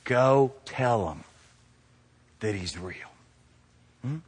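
A middle-aged man preaching a sermon, swinging from hushed to loud. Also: mid-range voice, animated, very slow, breathy edge, in a large hall. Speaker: pastor.

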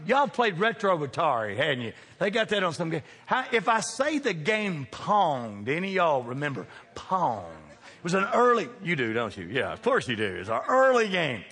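A man in his fifties preaching a sermon, joking and throwing call-and-response questions at the congregation, swinging from loud to hushed. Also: fairly high pitch, slightly rough. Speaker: pastor. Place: large church sanctuary. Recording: long hall reverb.

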